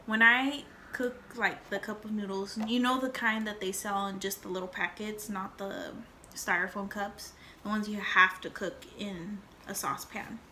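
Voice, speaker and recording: A woman's voice: medium pitch, steady tone, moderate pace, sharp tone, a little hiss or hum. A young woman telling a rambling story and chatting in a casual home vlog, with lots of fillers and acted-out quotes. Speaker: vlogger.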